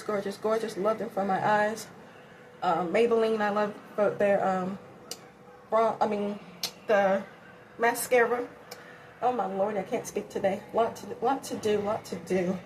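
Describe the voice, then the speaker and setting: A woman of middle pitch chats her way through a makeup tutorial, rambling and talking to herself as she works. She sounds tired and a little out of breath. A faint hiss sits under the home recording. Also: a little mellow, rough recording. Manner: chatty, rambling, self-talk while applying makeup. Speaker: beauty vlogger. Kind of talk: casual makeup tutorial chat.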